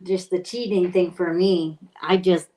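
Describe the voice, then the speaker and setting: A woman's voice: on the low side, fairly even intonation, measured pace, mellow. A young woman hosting a podcast, chatting casually and telling stories bluntly with plenty of swearing. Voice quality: blunt, profane storytelling. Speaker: podcast host. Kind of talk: casual chat.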